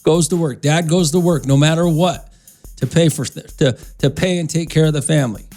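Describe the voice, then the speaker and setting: A man hosting a radio talk show, his voice a little high, blunt and dismissive as he lays out his opinions. He talks over a faint music bed. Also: a little fast, dark tone.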